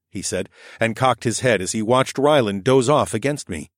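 A man's voice: medium pitch, normal speed, no echo, studio quality. A man narrating a story expressively in a scripted audiobook reading.

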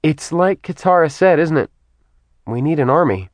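A man's voice: on the high side, expressive, normal speed, no room sound, pitched above the performer's own voice, natural voice. A man voicing a determined young woman who briefs her team. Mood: brisk.

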